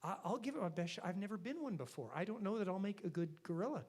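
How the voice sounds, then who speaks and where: An earnest, eager man in a spoken joke, as the teller puts him on, polite and keen in a bright, rather high voice. He sounds ready to try anything. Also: lively intonation, fast, breathy edge. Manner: earnest and polite, turns panicked. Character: eager man hired to play zoo gorilla.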